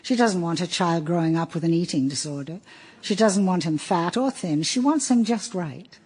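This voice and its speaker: A woman narrating an audiobook in a wry, measured storytelling voice. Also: fairly low pitch, a little mellow, slightly rough. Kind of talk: audiobook reading.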